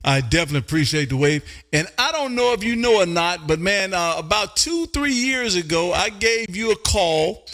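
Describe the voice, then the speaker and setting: A loud, high-voiced man from Texas hosts a live ham radio show from his home radio room. His tone is bright and forceful, and he stretches call signs out with gusto. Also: expressive, moderate pace, hardly any pauses, faint music behind.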